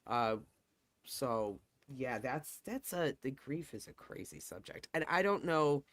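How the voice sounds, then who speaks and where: A host of a casual stream talks thoughtfully at a middle pitch. The sound is dry and close, and the phrasing stops and restarts as the ideas take shape. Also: lively intonation, a bit bright, no echo. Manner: thoughtful, halting, with many restarts. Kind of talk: casual chat.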